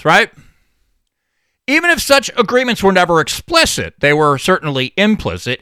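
Animated, sarcastic male podcast host. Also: high voice, smooth, no room sound. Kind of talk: political commentary monologue.

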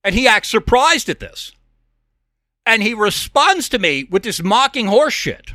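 A man hosting his podcast, ranting heatedly and profanely and often clearing his throat. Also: high voice, huge pitch swings, measured pace, long pauses, pushed and bright, no echo, clean studio sound. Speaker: podcast host. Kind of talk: angry monologue rant.

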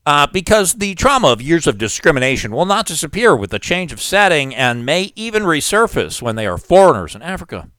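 Male commentary host, sarcastic, reads news; clear smooth voice, animated pitch. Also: a little fast, few pauses, no room sound, clean studio sound. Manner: sarcastic asides. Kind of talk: political commentary reading news aloud.

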